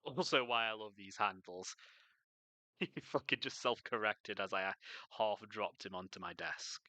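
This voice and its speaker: Young man, low bright voice, casual sweary rambling chat, dry close sound. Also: unhurried, no echo. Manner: chatty, swears freely, rambles. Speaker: miniature painting streamer. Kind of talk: casual chat while painting.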